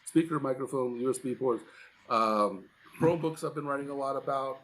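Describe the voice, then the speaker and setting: A man co-hosts a casual discussion, speaking in a loose, conversational way. His voice sits at an ordinary middle pitch. He restarts sentences often and fills gaps with "uh" and "you know.". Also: moderate pace, fairly bright tone, slight background noise. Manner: conversational, frequent fillers and restarts. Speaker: podcast co-host.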